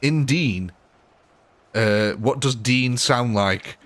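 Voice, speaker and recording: A man's voice: medium pitch, drawn-out words, fairly bright tone, no room sound. A man hosting a live gaming stream, blunt and joking, laughing often. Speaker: gaming livestream host. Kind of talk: casual live commentary.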